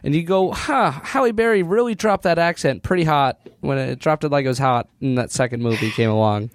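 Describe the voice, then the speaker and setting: A man's voice: on the high side, fairly quick, dry recording. A man rants cheerfully about an old superhero film, breaking into laughter and mock quotes. His voice sounds dry and close on the mic, with no room around it. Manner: animated, laughing, mock-quoting characters. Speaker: podcast co-host. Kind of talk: casual movie review chat.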